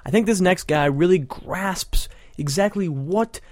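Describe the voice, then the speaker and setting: A man's voice: high voice, measured pace, dry recording, studio quality. A man hosting a show, giving casual, sarcastic, rambling commentary with frequent laughter. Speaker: podcast host.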